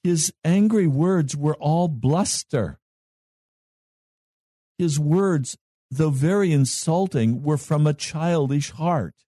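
Pastor, male, slightly high voice, measured sermon delivery with pauses. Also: dark tone, no echo, clean studio sound. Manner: slow, measured preaching with long pauses.

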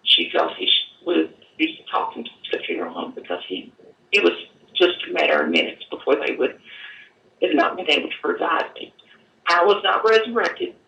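Woman, earnest testimony, halting, gravelly edge, lively pitch, echoey room, distant mic. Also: muffled recording. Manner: earnest, halting, now and then choked up. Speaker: guest telling her story. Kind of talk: personal testimony.

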